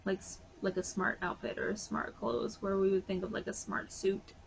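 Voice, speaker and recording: A woman's voice: mid-range voice, level tone, normal speed, vocal fry, slight background noise. A woman vlogger chatting casually and sounding a bit sleepy, rambling with lots of fillers. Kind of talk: casual chat.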